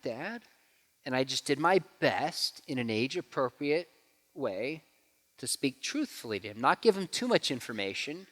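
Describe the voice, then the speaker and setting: A man's voice: mid-range voice, gravelly. A man in his forties giving a church talk with questions, telling stories and acting out quotes with energy. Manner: animated storyteller who acts out quotes. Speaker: guest speaker. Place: church hall. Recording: hall reverb.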